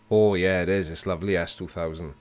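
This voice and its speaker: A man's voice: low-pitched, vocal fry, a little mellow. A man hosting a casual live chat with viewers, answering their comments playfully and pulling mock disgust. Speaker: livestream host.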